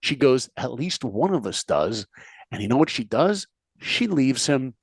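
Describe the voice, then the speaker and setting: A man on a podcast, telling stories in an animated way, acting out characters' lines and quizzing the host. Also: medium pitch, measured pace, husky, no echo. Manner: animated, acts out characters' lines, asks the listener questions. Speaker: podcast guest, speaker and filmmaker. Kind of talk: animated storytelling in conversation.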